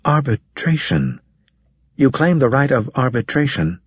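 A man's voice: medium pitch, sing-song, a little slow, husky, dry recording, pitched above the performer's own voice. A man reading the lines of a haughty alien prefect, in a stiff, formal, indignant way. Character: haughty pompous alien prefect, male-voiced creature. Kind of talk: audiobook character reading. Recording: dull, muffled audio.

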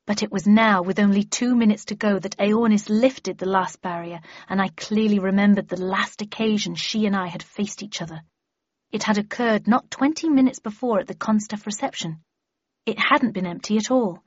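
A woman reading a first-person audiobook with brisk, wry storytelling. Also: medium pitch, dry recording, highs cut off. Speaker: audiobook narrator.

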